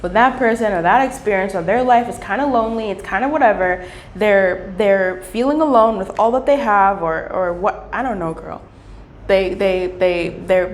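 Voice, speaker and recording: A woman giving a casual tarot reading, playful and animated, who swears freely and acts out little voices. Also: medium pitch. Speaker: tarot reader. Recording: echoey room with faint hiss.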